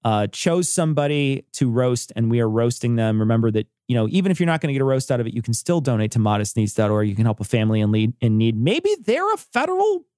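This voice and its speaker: A man's voice: medium pitch, big pitch swings, fast, few pauses, a little mellow, dry recording, clean studio sound. A man co-hosting a podcast, chatting casually, joking and laughing often. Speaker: podcast co-host. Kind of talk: casual comedic chat.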